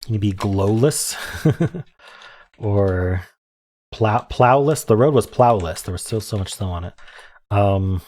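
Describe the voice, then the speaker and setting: A man thinking aloud as he solves daily word puzzles, hesitant and muttering, with frequent ums and quiet self-amused asides. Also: lowish voice, lively intonation, slow, pauses often. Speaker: word game streamer.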